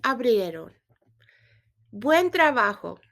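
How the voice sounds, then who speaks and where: A woman teaching a Spanish grammar lesson, patiently explaining verb endings and quizzing the listener in a clear, steady way. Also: on the high side, takes it slowly. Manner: clear, patient instruction with quiz prompts. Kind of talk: scripted language lesson.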